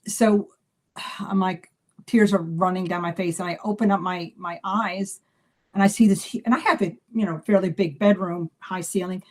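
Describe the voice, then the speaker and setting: A woman talks in a loose, chatty way on a live stream. She tells stories with animation, stopping and restarting her sentences and slipping in plenty of fillers. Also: mid-range voice. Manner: animated storyteller acting out dialogue. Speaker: psychic medium. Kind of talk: casual live video chat.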